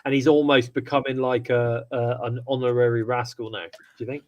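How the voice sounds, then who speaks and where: A man's voice: medium pitch, level tone, brisk, lo-fi sound. Brief: male podcast co-host, loose rambling talk. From United Kingdom. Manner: chatty, rambling with frequent restarts and laughs. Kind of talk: casual wrestling review chat.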